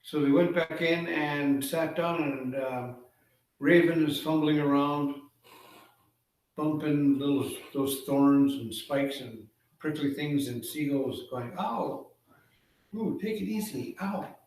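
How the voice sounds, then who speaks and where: A man telling a traditional legend aloud in a relaxed, conversational way, with casual fillers. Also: fairly high pitch, slow pace. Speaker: storyteller. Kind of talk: oral storytelling of a legend. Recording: echoey room, far from mic.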